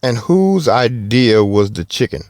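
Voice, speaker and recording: A man with a Southern accent hosting a car podcast, talking in a folksy, halting way with restarts. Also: medium pitch, big pitch swings, darkish tone, no room sound, studio quality. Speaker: podcast host. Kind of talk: casual podcast talk.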